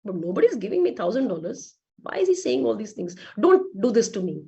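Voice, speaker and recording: A woman giving a lively motivational talk to a business team, asking rhetorical questions. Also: medium pitch, fairly quick, creaky, hardly any pauses, lo-fi sound. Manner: lively, acts out quoted voices, rhetorical questions. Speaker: motivational speaker.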